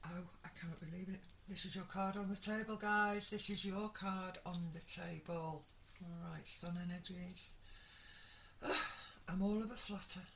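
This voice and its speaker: A woman giving an excitable, gushing tarot reading, full of exclamations and sighs. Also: medium pitch, measured pace, background noise. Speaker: tarot reader.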